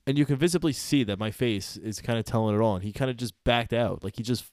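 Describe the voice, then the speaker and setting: A young man co-hosting a podcast, telling a story in lively casual chat with swearing. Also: mid-range voice, quick pace, no echo, studio quality. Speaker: podcast co-host.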